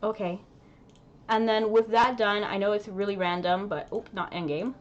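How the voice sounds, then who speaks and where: A woman's voice: medium pitch, fairly even intonation, normal speed, dull audio. A young woman streaming a game, reacting emotionally in slangy, giggly chat. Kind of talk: casual live-stream chat.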